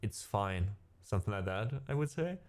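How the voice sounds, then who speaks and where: Chatty middle-aged German-accented man, lowish voice. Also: expressive, moderate pace, darkish tone. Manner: chatty, rambling, many "like" fillers and laughs. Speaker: musician streamer. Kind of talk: casual chat with live chat.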